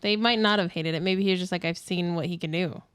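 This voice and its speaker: A woman's voice: fairly low pitch, quick pace, a bit bright, clear, resonant tone. A woman co-hosting a podcast, chatting casually and backing up her co-host with short replies. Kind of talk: casual chat.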